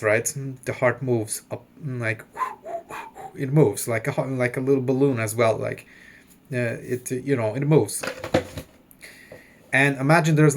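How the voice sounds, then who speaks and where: A man's voice: medium pitch, slight background noise. A man in his thirties telling a long personal story in a loose, rambling way, full of fillers and swearing. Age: 30s. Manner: rambling, heavy use of "like" and swearing. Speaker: vlogger. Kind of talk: casual storytelling.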